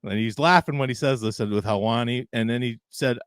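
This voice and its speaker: A man's voice: medium pitch, normal speed, few pauses, no room sound. A man co-hosting a wrestling podcast, retelling a backstage story in casual chat and laughing often as he quotes others. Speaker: podcast co-host.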